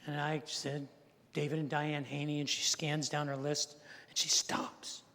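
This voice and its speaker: A man's voice: on the high side, level tone, moderate pace, vocal fry, a bit bright. A man in his sixties, a pastor, telling a story in a sermon and acting out the people in it. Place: church sanctuary. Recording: long reverb of a large church hall.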